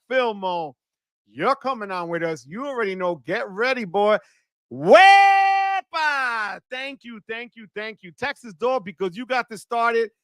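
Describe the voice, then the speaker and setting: A man hosts a live stream and thanks viewers with loud bursts of excitement. His voice sits high and sounds bright. The recording is dry and close, with no room sound. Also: no room sound. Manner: enthusiastic, shouts "wepa" often. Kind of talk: live stream super chat shout-outs.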